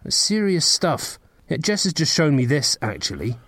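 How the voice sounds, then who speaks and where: An actor playing an indignant, easily wounded football manager who whines about slights, in a comedy audio drama. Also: male voice, on the high side, big pitch swings, normal speed, a bit bright. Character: touchy self-pitying male football manager. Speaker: football club executive.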